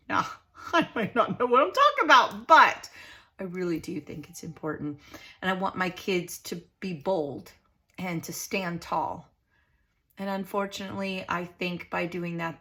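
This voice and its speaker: A woman's voice: lowish voice, fairly bright tone. A middle-aged woman hosting a craft channel, chatting in a rambling, heartfelt way while she works on a journaling page. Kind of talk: casual chat while crafting.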